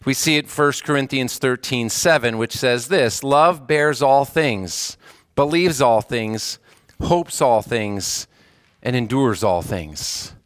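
Male pastor, earnest conversational sermon delivery, mid-pitched voice, dry close recording. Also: a bit bright, dry recording. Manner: earnest, conversational preaching with rising emphasis.

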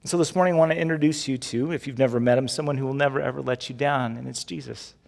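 A man's voice: mid-range voice, steady tone, fast talker, gravelly, a little mellow, long reverb tail. A male pastor preaching a sermon with a repetitive, building cadence.

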